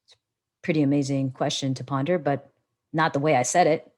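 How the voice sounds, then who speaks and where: A woman coaching public speaking in a live webinar, her voice sitting slightly low but swinging widely in tone as she talks. Her delivery is animated and expressive, and she speaks into a laptop on a video call. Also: brisk.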